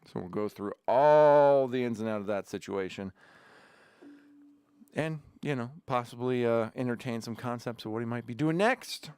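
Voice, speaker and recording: A man's voice: mid-range voice, normal speed, darkish tone, clean tone, no room sound. A man hosting a casual livestream from his home studio, chatting in a rambling way with sarcastic asides between sips of beer. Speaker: livestream host. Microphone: desk camera setup.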